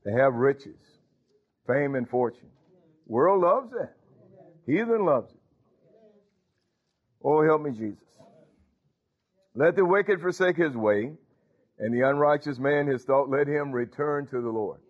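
A man's voice: mid-range voice, lively intonation, a little slow, pauses often. A man preaching a sermon, emphatic, with call-and-response interjections. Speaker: pastor. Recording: tinny phone-like sound.

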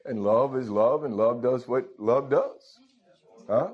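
Taking it slowly, a man preaches to his congregation in call-and-response fashion, repeatedly asking "Huh?" and chuckling. His mid-range voice has a breathy edge, heard through lo-fi sound.

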